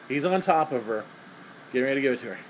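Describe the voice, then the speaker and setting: A man's voice: mid-range voice, a little hiss or hum, low-quality recording. A young man giving a crude, sarcastic, rambling comedic movie review.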